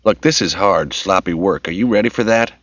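A man's voice: sits low, brisk, fairly bright tone, no echo. A man reading a blunt, matter-of-fact middle-aged slaughterhouse supervisor. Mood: brusque. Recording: dull lo-fi recording.

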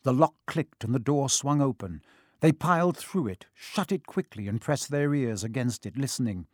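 A man's voice: medium pitch, expressive, normal speed, no echo, studio quality. A man narrating a children's fantasy audiobook with dramatic storytelling. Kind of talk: audiobook reading.

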